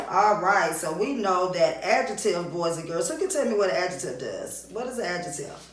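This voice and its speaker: A woman's voice: lowish voice, unhurried, very echoey, distant mic, a little hiss or hum. A woman teacher giving a recorded reading lesson to young children, with sing-song praise and call-and-response prompts.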